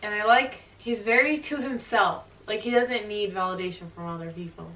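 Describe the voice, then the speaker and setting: A woman's voice: mid-range voice, normal speed, sharp tone, echoey room, recorded from a distance, rough recording. A young woman vlogger chatting casually and giggling often, filler words all through, answering couples questions.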